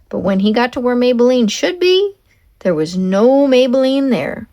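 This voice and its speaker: A woman reading a children's chapter book aloud with expressive, emphatic narration. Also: mid-range voice, moderate pace. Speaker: storyteller.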